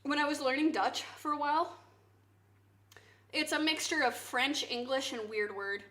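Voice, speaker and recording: A woman streamer chatting casually to her viewers, swinging into loud mock outrage and swearing. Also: sits high, moderate pace. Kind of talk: casual live-stream chat. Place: home kitchen.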